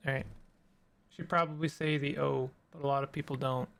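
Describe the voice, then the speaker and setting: A man hosting a let's play, chatting excitedly and laughing often as he reads the game's text aloud. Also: mid-range voice, brisk, vocal fry, no room sound. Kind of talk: casual gameplay commentary, reading game text aloud.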